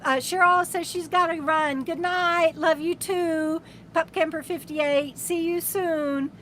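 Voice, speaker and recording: A woman's voice: extremely high pitch, steady tone, slow, a bit bright, a little hiss or hum. A woman hosts a casual RV live stream from inside her camper, reading viewer comments aloud in an affectionate, rambling way with many restarts. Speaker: RV travel vlogger, host of a live stream.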